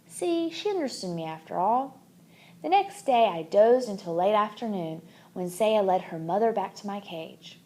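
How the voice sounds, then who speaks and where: Expressive woman reading a children's book. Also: mid-range voice, normal speed. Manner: expressive, animated. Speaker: audiobook reader.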